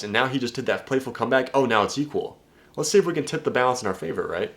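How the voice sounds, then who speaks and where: A man's voice: medium pitch, expressive, fast, a bit bright. A man coaching viewers on dating in a casual video breakdown, talking emphatically, swearing and addressing the audience directly.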